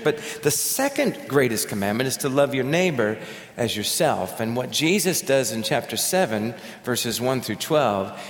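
A man preaching a sermon as pastor, talking in a conversational way and telling stories. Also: mid-range voice. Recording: echoey hall with long reverb.

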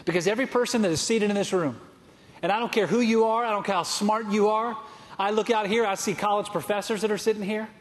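A male pastor delivers a sermon in a notably high voice. He drives his points home with emphatic, repeated phrases. His words ring out with a long reverb through a large sanctuary. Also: steady tone, fast talker. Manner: emphatic, repetitive cadence.

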